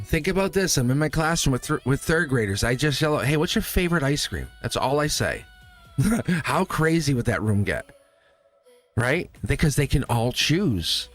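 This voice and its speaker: This man is hosting a live tarot stream, speaking directly to his viewers with lots of energy and frequent laughter. His voice sits at a medium pitch.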